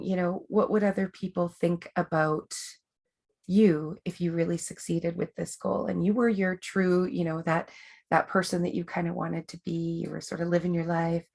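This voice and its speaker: A woman's voice: lowish voice, vocal fry, a little mellow. A woman life coach hosting a webinar, talking in a chatty, rambling way with many fillers and restarts. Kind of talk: casual coaching talk.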